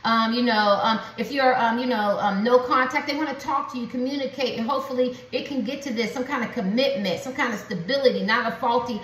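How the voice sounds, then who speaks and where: A woman's voice: fairly high pitch, fairly even intonation, a little fast, hardly any pauses, fairly bright tone, recorded from a distance. A woman giving a spiritual tarot reading to her viewers, rambling and repetitive with lots of slang and fillers. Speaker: tarot reader. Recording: echoey room, voice set back from the mic.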